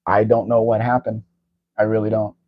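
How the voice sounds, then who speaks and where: A man's voice: fairly low pitch, completely flat delivery, normal speed, dull audio. A man hosting a casual live-stream chat, talking in a rambling, wry way about old cars. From Southern California. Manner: rambling, chatty car talk with wry asides. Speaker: show host.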